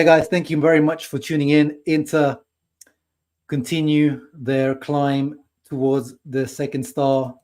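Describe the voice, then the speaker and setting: A man's voice: medium pitch, a little mellow. A man hosting a live post-match football reaction stream, talking casually and laughing often. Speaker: football channel host.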